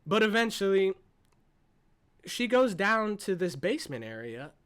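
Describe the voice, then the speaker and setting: A man giving a casual, excited movie review, profane and swinging between loud bursts and hushed asides. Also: high voice, unhurried, smooth.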